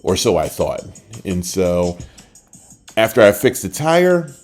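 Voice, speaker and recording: An older man with a deep, low voice tells a personal story in a relaxed, chatty way. He slips into the voices of the people he quotes and grows quieter and gentler toward the end. Faint music sits under his close podcast mic. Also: takes it slowly. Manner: animated, acts out quoted voices, trails off at the end. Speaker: podcast host. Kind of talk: casual storytelling.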